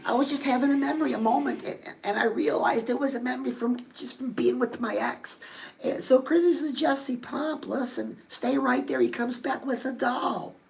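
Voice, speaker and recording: A woman's voice: high-pitched, lively intonation, moderate pace, creaky, a little mellow, poor audio. A woman hosting a love and dating advice show, talking casually and confidingly to her listeners. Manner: chatty, confiding, addresses listeners as girl. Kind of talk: casual advice talk to viewers.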